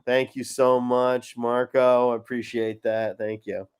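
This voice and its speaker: A man hosting a casual podcast chat, animated and crude, often cutting himself off. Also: mid-range voice, measured pace, clear, resonant tone. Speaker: podcast host.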